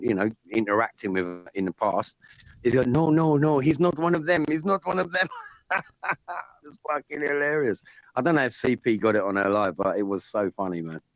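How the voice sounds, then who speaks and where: A man hosting a live stream and telling a story in a rambling, profane, animated way. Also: lowish voice, dry recording, poor audio. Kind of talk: casual chat.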